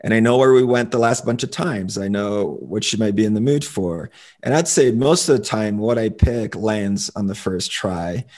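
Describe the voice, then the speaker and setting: A man talking as a relationship coach on a casual podcast, explaining his views in an opinionated, relaxed way. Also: lowish voice, moderate pace.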